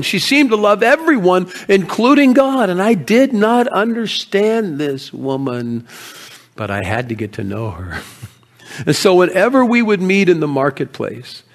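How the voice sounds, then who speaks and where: An actor playing a grieving, proud male shepherd of ancient Bethlehem in a first-person monologue, telling his story with feeling and often dropping to hushed tones. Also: high-pitched.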